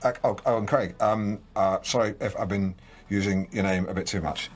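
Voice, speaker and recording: A man's voice: lowish voice, steady tone, moderate pace, slightly rough. An actor playing a pompous, awkward middle-aged male local radio DJ with an English accent, rambling and fawning in a comedy radio show. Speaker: radio host.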